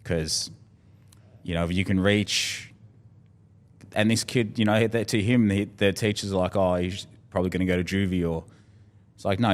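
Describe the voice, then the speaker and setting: Deep-voiced Australian man, candid and heartfelt. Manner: candid, heartfelt, swears freely. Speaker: podcast guest. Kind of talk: casual conversation.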